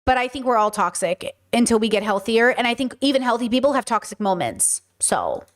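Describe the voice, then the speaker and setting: This streamer and host, a woman with a slightly high voice, offers casual and outspoken opinions, very animated and fairly quick. She presses her point emphatically, saying it again and again until it lands.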